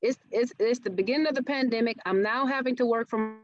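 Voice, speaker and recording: Presenting a marketing workshop, a woman keeps checking in with her listeners and often poses questions to them in an engaging way. Her voice is fairly high and quick, with music playing in the background of a dull, dry webinar recording.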